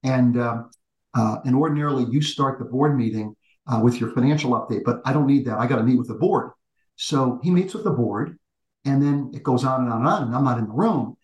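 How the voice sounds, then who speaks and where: A man in his sixties, an executive and teacher, telling stories in an animated conversational way with frequent restarts. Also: mid-range voice, fairly quick, reverberant, low-quality recording. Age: 60s. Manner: animated storyteller with frequent restarts, addresses the host by name. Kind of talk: conversational interview storytelling.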